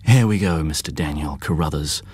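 A man's voice: a bass voice, normal speed, a little mellow, slightly rough, no room sound. A man reading aloud and voicing a brash, teasing young man with a mocking, theatrical manner. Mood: taunting.

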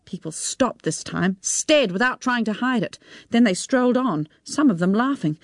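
Expressive woman narrating a story. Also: fairly high pitch, normal speed, no echo, studio quality.

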